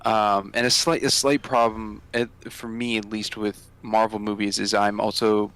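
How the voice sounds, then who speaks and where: A man's voice: on the low side, level tone, normal speed, a bit bright, smooth. A man co-hosting a podcast, explaining how he rates films in a rambling way, often searching for words. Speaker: podcast co-host. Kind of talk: casual podcast chat.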